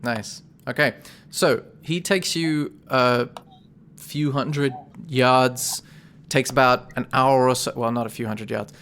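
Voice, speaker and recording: A man narrating a tabletop game as game master, relaxed and rambling, correcting himself as he goes. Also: mid-range voice, slow pace, clean tone.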